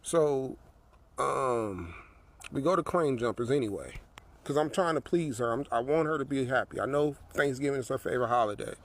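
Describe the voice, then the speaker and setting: A man's voice: mid-range voice, lively intonation, normal speed. A man telling a personal story in a rambling way, repeating his phrases, recorded outdoors by an apartment building. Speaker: vlogger.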